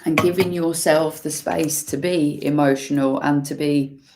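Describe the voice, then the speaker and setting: A woman giving an intuitive tarot reading, musing slowly and using many fillers as she talks through the cards. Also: sits low, steady tone, background noise. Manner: slow, musing, full of fillers. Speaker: tarot reader.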